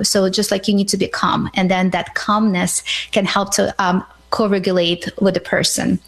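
A woman speaking as a guest expert, answering questions calmly and patiently, often checking in with "right?" and pausing on fillers. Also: medium pitch, rough recording. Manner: calm, patient, says "right?" a lot, many fillers. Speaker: mental health guest expert. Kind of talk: explanatory interview answers.

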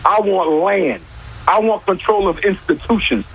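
Man, high-pitched, husky, emphatic, rhetorical questions, talk-show argument. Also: expressive, a little slow, a bit bright, poor audio. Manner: emphatic, repeats key points, rhetorical questions.

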